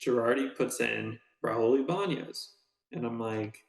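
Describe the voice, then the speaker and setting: A man co-hosting a casual podcast chat, with a gravelly, creaky edge in his voice. He tells stories with animation and acts out how people reacted. He is recorded in an echoey room. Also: medium pitch, unhurried. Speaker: podcast co-host.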